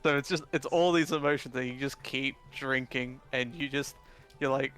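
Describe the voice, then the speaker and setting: A man running a tabletop fantasy game, speaking at a mid pitch. He narrates in a casual, halting way and keeps restarting his sentences. Faint music plays underneath. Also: fairly even intonation, fairly bright tone, smooth. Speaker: dungeon master.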